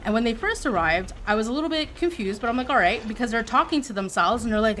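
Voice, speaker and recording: Animated storytelling woman streamer. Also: on the high side, fast, hardly any pauses, slight background noise. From Quebec. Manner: animated, acts out quoted voices. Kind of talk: casual storytelling to chat.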